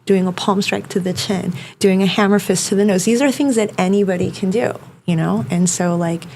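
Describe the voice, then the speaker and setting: A woman's voice: mid-range voice, steady tone, brisk, vocal fry, darkish tone, a little hiss or hum. A woman self-defense instructor talking casually as a podcast guest, filling her speech with "like" and "you know.". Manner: chatty, many fillers like "like" and "you know".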